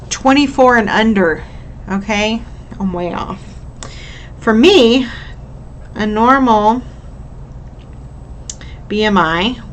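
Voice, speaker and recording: A woman's voice: medium pitch, slight background noise, poor audio. A young woman, talking candidly and upbeat to her camera in a casual vlog, sometimes getting emotional. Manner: candid, upbeat, emotional at times, says "y'all". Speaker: vlogger.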